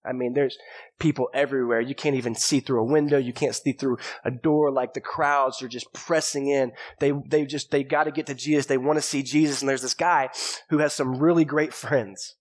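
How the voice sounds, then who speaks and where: A male pastor giving a sermon, telling stories from the Bible in a relaxed, chatty way. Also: medium pitch, brisk. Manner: conversational storytelling preaching. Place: church.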